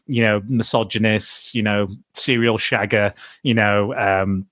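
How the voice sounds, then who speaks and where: A man's voice: on the low side, steady tone, measured pace, a bit bright, no echo, studio quality. A man hosting a film podcast, chatting loosely with plenty of restarts and fillers. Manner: rambling, many restarts and fillers. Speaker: podcast host. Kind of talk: casual film discussion.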